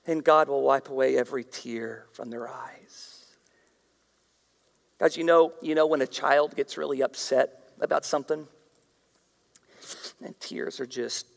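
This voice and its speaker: A man preaching a sermon as a pastor, swinging from shouted emphasis down to hushed whispers. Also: on the high side, vocal fry. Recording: reverberant hall, voice at times far from mic.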